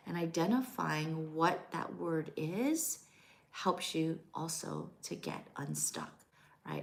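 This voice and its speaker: A middle-aged woman and widow coaching grieving listeners on a live stream, gentle and reassuring, often checking in with "right?". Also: deep voice, gravelly.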